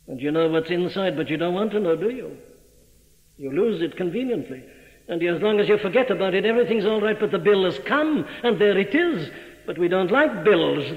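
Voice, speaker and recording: Man preaching in a booming old hall recording. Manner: emphatic, rhetorical questions to the listener. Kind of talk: sermon. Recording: dull old recording, long hall reverb.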